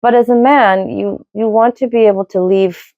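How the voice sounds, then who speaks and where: A middle-aged woman co-hosting a podcast, chatting in a rambling, opinionated way, with sudden jumps in pitch. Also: steady tone, normal speed, no room sound, narrow, tinny audio. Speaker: podcast co-host. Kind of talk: casual opinionated chat.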